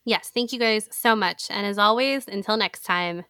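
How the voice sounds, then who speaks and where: Bright, chatty woman podcast co-host. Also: medium pitch, normal speed, dry recording, clean studio sound. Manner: upbeat, chatty, laughs often. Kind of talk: casual chat.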